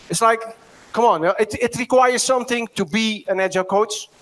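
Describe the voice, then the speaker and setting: A middle-aged man from the Netherlands speaks with a Dutch accent as he gives a conference keynote. He tells stories and often checks in with the audience by asking "right?" His high voice has a fairly bright tone and a moderate pace.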